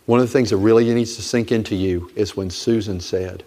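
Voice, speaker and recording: A man's voice: lowish voice, steady tone, fairly quick, few pauses, dark tone. A middle-aged man preaching a sermon as pastor, emphatic and repetitive, exhorting his congregation. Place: church sanctuary. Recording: long reverb of a church hall.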